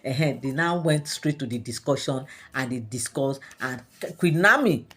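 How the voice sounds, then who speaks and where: A woman's voice: a bass voice, lively intonation, moderate pace, a bit bright. A Nigerian woman narrating royal gossip to her viewers in a chatty way, with many fillers and asides. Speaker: gossip storyteller.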